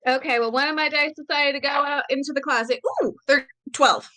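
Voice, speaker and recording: Playful woman player, slightly high voice. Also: fairly even intonation, fairly quick, noisy background. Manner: playful, chatty. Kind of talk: tabletop role-play.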